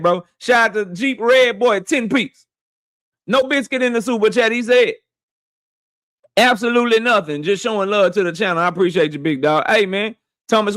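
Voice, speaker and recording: A man hosting a boxing livestream, shouting out viewers by name in loose, slangy casual talk. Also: high voice, no echo, clean studio sound.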